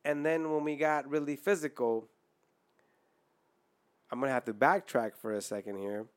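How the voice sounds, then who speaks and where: A man's voice: mid-range voice, fairly even intonation, normal speed, clear, resonant tone. A man hosting a podcast, telling a crude story in casual chat, swearing often and laughing as he goes. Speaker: podcast host.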